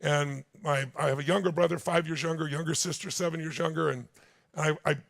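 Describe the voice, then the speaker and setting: Speaking briskly with vocal fry, this sixty-something man has a fairly bright, somewhat high voice and fairly even intonation. On a large stage before a live audience, he delivers a motivational seminar, telling stories with intensity and speaking straight to the crowd, with no room sound and studio-quality audio.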